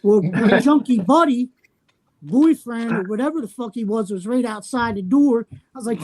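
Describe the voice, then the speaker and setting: A man on a podcast telling a story in a casual way. He swears constantly and sounds brash and animated. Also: very high voice, normal speed, no echo. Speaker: podcast regular.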